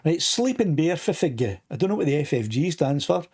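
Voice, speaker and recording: A man's voice: on the high side, big pitch swings, fairly quick, hardly any pauses, darkish tone, husky. An older Scottish man with a Scottish accent and a slightly sore throat, rambling chattily as he hosts a live stream and reads out viewer comments. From Scotland. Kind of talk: casual live stream chat.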